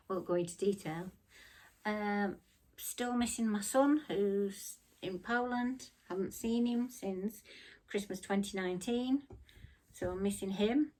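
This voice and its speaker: A middle-aged woman chats in a casual crafting vlog, rambling from one thing to the next and apologising often. She sounds tired and keeps yawning. Her voice sits at a middle pitch. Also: takes it slowly, pauses often, darkish tone. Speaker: crafting vlogger.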